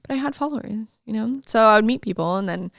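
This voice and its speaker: Lively woman telling stories, dry sound. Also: on the high side, quick pace, vocal fry, dry recording. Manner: lively storyteller who laughs and acts out quotes. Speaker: podcast guest, fitness coach. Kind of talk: casual interview chat.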